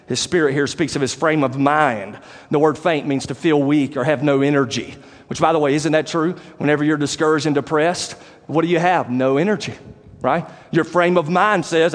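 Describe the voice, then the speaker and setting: A male pastor preaching a sermon, animated and conversational, asking the congregation direct questions. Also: fairly high pitch, brisk. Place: church sanctuary. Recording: long church reverb.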